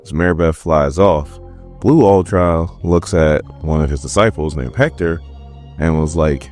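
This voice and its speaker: A man's voice: rumbling low, a little slow, a little mellow, faint music behind. A man casually recapping a comic book issue, retelling scenes in a chatty, slangy way. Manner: retells scenes conversationally, mimicking characters' lines with slangy asides.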